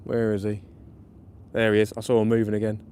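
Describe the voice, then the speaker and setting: A man commenting live on his night fishing session, chatty and excitable, laughing often, outdoors by the water. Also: on the low side, brisk, clean tone. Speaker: fishing vlogger. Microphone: camera or phone mic on a live stream.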